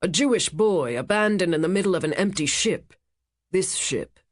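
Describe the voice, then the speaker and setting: A narrator voicing a rich casino owner, a man who speaks with smooth, menacing charm. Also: medium pitch, animated, normal speed, dry recording, natural voice. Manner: smooth, commanding, cutting. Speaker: cruise ship owner.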